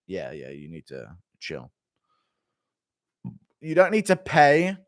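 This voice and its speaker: A young man in his mid-twenties hosts a casual livestream. His pitch swings around a lot as he reads donations and jokes bluntly with chat, and the sound is dry and close with no room echo. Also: wildly swooping pitch, slow pace. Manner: blunt, offhand, banters with chat. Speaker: livestream host.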